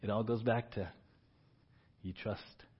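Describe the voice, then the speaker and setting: A middle-aged man preaching a sermon, telling a story and acting out shouted commands with rising pitch and volume. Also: steady tone, slow pace, breathy edge. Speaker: pastor. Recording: dull, slightly lo-fi church audio.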